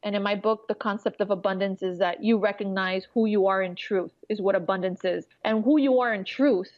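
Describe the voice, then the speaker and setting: A woman's voice: fairly even intonation, a little fast, highs cut off. A woman author talking earnestly about spiritual growth in an interview, now and then acting out inner voices. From Miami area resident. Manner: earnest, spiritual, acts out inner voices with sudden high pitch. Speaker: author guest. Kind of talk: casual interview chat.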